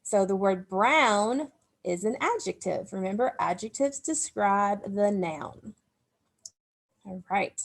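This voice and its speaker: A woman teacher takes a class of young pupils through a grammar lesson at an unhurried pace. She explains each step patiently and asks the children to say the words along with her. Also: medium pitch, lively intonation. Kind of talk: recorded remote phonics lesson.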